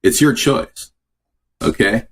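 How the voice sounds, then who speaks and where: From his home kitchen, a man hosts a casual live-stream cooking show, chatting and answering viewer comments as he goes. His lowish voice is gravelly and expressive, and he takes it slowly.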